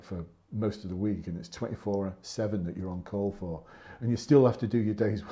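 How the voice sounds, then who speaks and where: Earnest ex-sergeant, low mellow voice. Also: male voice. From England. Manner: chatty and earnest, repeats points for emphasis. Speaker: former police sergeant hosting a live stream. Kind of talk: casual live-stream advice talk.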